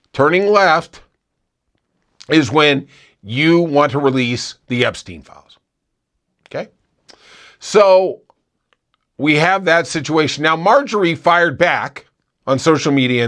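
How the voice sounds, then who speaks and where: A man's voice: a little high, a bit bright. A man hosting a political podcast, delivering opinionated commentary with sarcastic, mocking asides.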